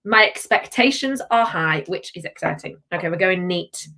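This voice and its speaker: A woman's voice: lowish voice, animated, normal speed, vocal fry, sharp tone. A woman hosting a live tasting stream, chatting casually, bubbly and reading out viewer comments. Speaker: livestream host.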